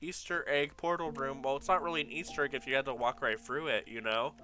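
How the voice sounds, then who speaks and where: A man's voice: medium pitch, steady tone, fast talker, few pauses, bright, forceful tone, faint music behind. A young man giving casual commentary over old gameplay, nostalgic and laughing often as he reads his old signs aloud. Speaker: gaming YouTuber.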